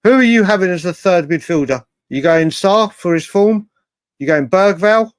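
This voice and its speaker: A man's voice: sits high, moderate pace, clean tone, dry recording. A man hosting a live fan stream, chatting through viewer comments with a lot of repetition and the odd swear word. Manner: animated, swears, repeats himself often. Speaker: host of a live fan show.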